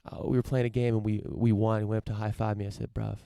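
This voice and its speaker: A man's voice: on the low side, level tone, fast, mellow, clear, resonant tone, dry recording. A young man hosting his own podcast from his parents' home, talking in a loose, rambling, profane way with lots of fillers and restarts. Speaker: podcast host. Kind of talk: casual solo podcast monologue. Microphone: camera setup for a live stream.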